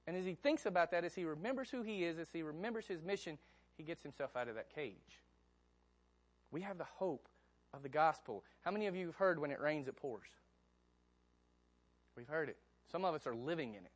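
Preaching fast in a slightly high voice, a pastor keeps his sermon conversational and animated. He asks his congregation questions often.

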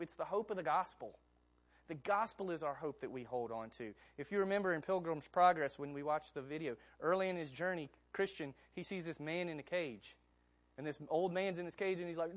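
A male pastor whose voice sits on the high side preaches with animation in a conversational style, regularly turning questions to the congregation.

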